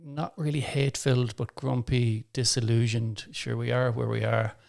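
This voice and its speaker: A man's voice: medium pitch, level tone, moderate pace, gravelly, a little mellow. An Irish man, a stand-up comedian, talking as a guest on a casual podcast in a wry, grumbling, self-deprecating way.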